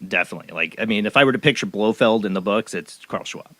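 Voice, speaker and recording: A man's voice: on the low side, fast, sharp tone, no room sound. A man hosting a casual call-in radio show, joking, laughing often and trailing off mid-sentence.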